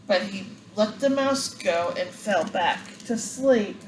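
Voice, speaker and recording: An older woman reading a storybook aloud to her grandchildren in a gentle, expressive way. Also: mid-range voice, slow, a little hiss or hum. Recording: roomy echo, faint ambience.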